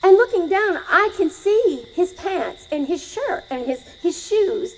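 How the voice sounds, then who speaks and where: High-voiced woman telling a story live. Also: very animated, unhurried, a little hiss or hum, low-quality recording. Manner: conversational, asks the audience questions.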